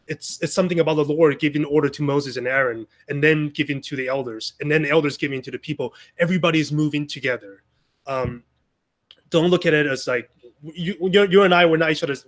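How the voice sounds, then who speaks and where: His voice is fairly high-pitched and a bit bright. In an informal sermon for a small gathering on Sunday, he speaks conversationally, often restarting and drifting into asides.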